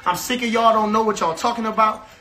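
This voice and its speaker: A man's voice: high voice, fairly even intonation, quick pace, pushed and bright. A man from a boxer's camp delivering a heated, repetitive, trash-talking rant to the camera.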